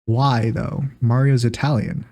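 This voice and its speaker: A man's voice: medium pitch, a little slow, gravelly, mellow. A man co-hosting a podcast, joking and sarcastic in casual chat. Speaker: podcast co-host.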